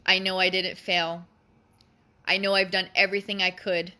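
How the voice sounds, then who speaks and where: A woman's voice: fairly low pitch, level tone, normal speed, bright, forceful tone. A mother speaking earnestly and emotionally to other parents, pleading and repeating herself for emphasis, close to tears. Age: adult parent of a child. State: near tears. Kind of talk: emotional personal address.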